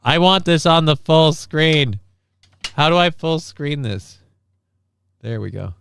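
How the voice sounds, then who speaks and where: A man's voice: fairly high pitch, animated, takes it slowly, creaky, fairly bright tone, clear, resonant tone. A man hosting a casual livestream, reading chat and news aloud in an offhand, profane way. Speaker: livestream host.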